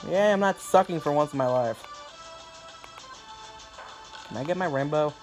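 A young man giving casual let's-play commentary, excitable, laughing a lot and swearing. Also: on the high side, normal speed, faint music behind. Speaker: gaming YouTuber.

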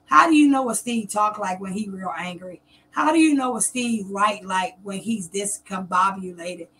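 Middle-aged woman, confrontational vlogger, bright and punchy tone. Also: mid-range voice. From Columbus, Georgia, US. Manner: confrontational and defiant, taunting. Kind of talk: direct-to-camera rant.

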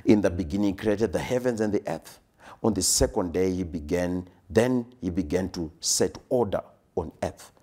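A male preacher with a deep voice and a husky grain to it, delivering a sermon. He hammers his points through repetition and now and then sinks to a whisper for emphasis. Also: moderate pace, dark tone.

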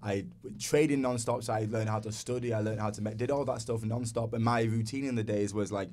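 A man's voice: on the low side, steady tone, fast talker, a little mellow, slight background noise. A man in casual podcast conversation as a guest dancer, earnest and reflective. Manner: earnest, reflective, talks in a rush.

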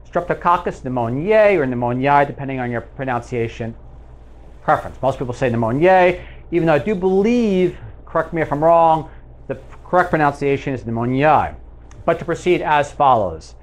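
Male presenter of a health video; reads study text with lively rises and falls, loose conversational asides. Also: fairly high pitch, fairly quick. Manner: conversational, self-correcting asides. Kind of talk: reading and commenting on a research summary.

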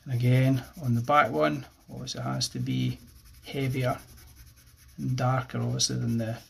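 A man with an Irish accent explaining a pencil drawing step by step as he works, relaxed and thinking aloud. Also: mid-range voice, moderate pace, vocal fry, husky. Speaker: art teacher. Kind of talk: drawing tutorial narration.

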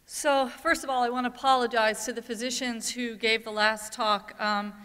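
A woman's voice: a little high, fairly even intonation, moderate pace, sharp tone, smooth. A woman giving a candid, conversational conference talk, telling a personal story to an audience. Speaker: conference speaker, parent advocate. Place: conference hall. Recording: long reverb from a large hall.

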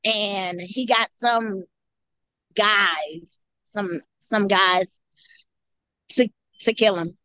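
A woman guest giving an earnest personal testimony, halting and often repeating or restarting her phrases. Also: medium pitch, sharp tone, no echo. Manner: earnest storytelling.

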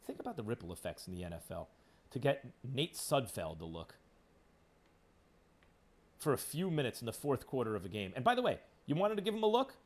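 A man hosting sports talk radio, ranting with sarcasm and heat. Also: mid-range voice. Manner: emphatic, sarcastic, heated.

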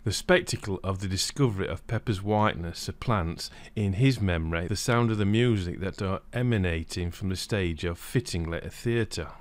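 Low-voiced man reading a video essay. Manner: steady reading, livelier when reading quoted passages. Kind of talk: scripted narration.

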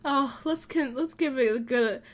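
A woman casually commenting on her life-sim game, gushing and excitable over her pets. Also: high-pitched, moderate pace. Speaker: gaming YouTuber. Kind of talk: casual let's play commentary. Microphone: desk mic, facecam.

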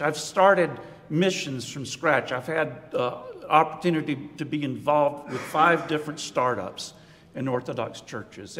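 An older man, a priest, giving an unscripted retreat talk in a conversational, reflective way, pausing on fillers and chuckling softly. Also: a little high. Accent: American Southern. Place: large conference hall. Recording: long-reverb hall.

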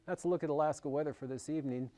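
A man's voice: a little high, racing, mellow. A man with an American accent presenting a broadcast marine and weather forecast, talking it through loosely with frequent fillers.

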